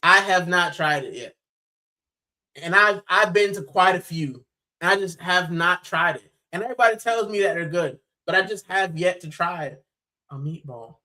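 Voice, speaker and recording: A man's voice: high-pitched, normal speed, sharp tone, low-quality recording. A man from Puerto Rico hosting a football channel's live stream, chatting casually and animatedly, with plenty of "bro".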